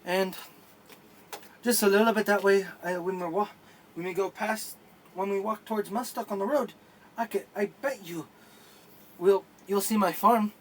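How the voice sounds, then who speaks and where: A man voicing an excitable adventurer returning to his home, speaking a little higher and stammering. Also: moderate pace, pauses often, slight background noise, natural voice. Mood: wistful.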